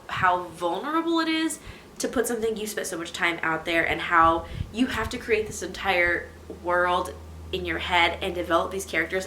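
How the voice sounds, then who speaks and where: A young woman vlogging casually at home, talking candidly and with animated asides. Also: mid-range voice, roomy sound, slight background noise, low-quality recording. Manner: candid, animated, self-deprecating. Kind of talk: casual chat to camera. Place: home living room.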